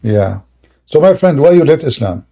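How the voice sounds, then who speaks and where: A man's voice: on the high side, big pitch swings, normal speed, dark tone. A man hosting a live broadcast, asking direct, blunt questions in non-native phrasing. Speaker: host of a live debate broadcast.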